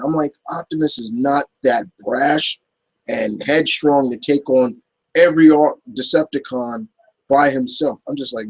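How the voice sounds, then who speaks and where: A man's voice: fairly high pitch, moderate pace, slightly rough, low-quality recording. A man hosting a casual Q&A video, answering viewer questions in a rambling way with many fillers and restarts. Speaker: YouTube Q&A host. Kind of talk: casual Q&A chat.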